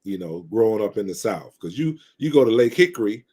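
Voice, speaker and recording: A husky man with a low voice, from North Carolina, reminisces in loose, rambling conversation as a guest on a live stream. He talks with plenty of fillers and restarts, unhurried and fond. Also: expressive, mellow. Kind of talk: casual conversation. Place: live stream video call.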